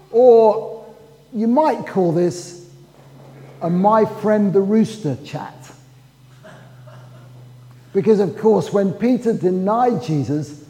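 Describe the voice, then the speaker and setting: A man preaching in a church, his voice raised high for a man and mellow in tone. He tells the story at an unhurried pace and acts out the quoted dialogue. His words ring with a long reverb through the hall. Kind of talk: sermon.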